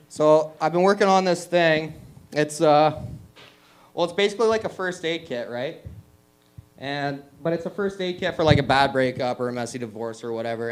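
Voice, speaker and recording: A man doing stand-up, delivering dry one-liners and pausing before each punchline at a small open mic. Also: on the high side, smooth. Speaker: stand-up comedian. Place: small comedy venue with audience.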